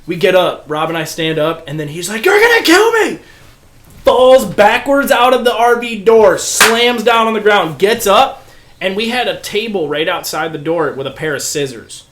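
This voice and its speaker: A man's voice: high voice, lively intonation, moderate pace, fairly bright tone. A young man, a podcast guest, telling a wild story casually, swearing freely and acting out the voices of the people in it. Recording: echoey room.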